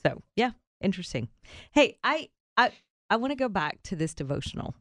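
A woman with a Southern US accent hosting a Christian morning radio show, animated and often laughing. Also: medium pitch, brisk, no room sound, studio quality. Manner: animated and laughing, reads devotionals. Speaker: radio host.

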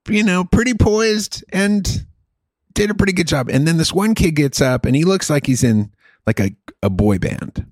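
A man's voice: medium pitch, no room sound. Chatty middle-aged man, dry sound. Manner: animated, rambling, swears casually, says dude. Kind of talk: casual storytelling chat.

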